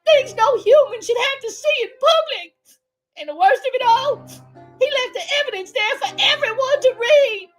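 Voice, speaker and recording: A woman's voice: very high voice, lively intonation, normal speed, faint music behind, poor audio. A woman voicing a whiny, self-pitying figure in a comedy parody. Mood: mock dramatic.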